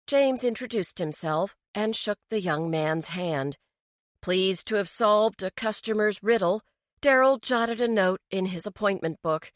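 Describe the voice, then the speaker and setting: A woman narrating a mystery story in a slow, even storytelling delivery. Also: medium pitch, dry recording, clean studio sound. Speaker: audiobook narrator. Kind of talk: scripted narration.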